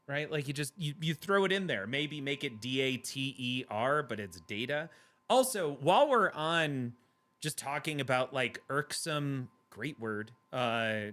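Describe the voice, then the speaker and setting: A man's voice: on the high side, pushed and bright. A man hosting a livestream, chatting casually with viewers and laughing often in a playful way. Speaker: livestream host reading chat. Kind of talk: casual chat.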